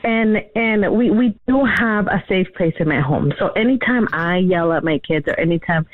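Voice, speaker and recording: Phone-in caller, woman, earnest and halting, tinny dry line. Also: on the low side, expressive, no echo. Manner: earnest, emotional, halting retelling with many fillers. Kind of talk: telling a personal story on a radio call-in.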